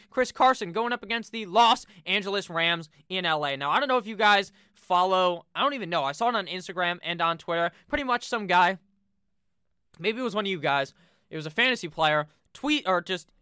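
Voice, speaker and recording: A man's voice: a little high, bright, forceful tone, clean tone, no echo, studio quality. A young man hosting a fantasy football show, giving casual, joking ranking commentary with loose profane asides.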